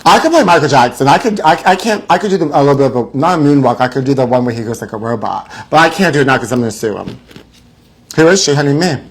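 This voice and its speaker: A man's voice: mid-range voice, lively intonation, fast talker, husky. A man hosting a live celebrity gossip show, theatrical and mock-frightened, calling his viewers honey. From Los Angeles area.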